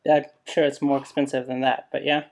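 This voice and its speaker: A man's voice: mid-range voice, level tone, a little fast, creaky. A man hosting a podcast, introducing the show and teasing his co-host with dry humor. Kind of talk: casual chat.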